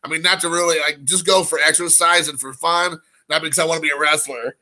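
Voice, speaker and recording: A man's voice: fairly high pitch, fairly even intonation, fast, pushed and bright. A man hosting a casual live stream, rambling with lots of fillers and greeting viewers in chat. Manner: rambling, frequent fillers, reads chat aloud.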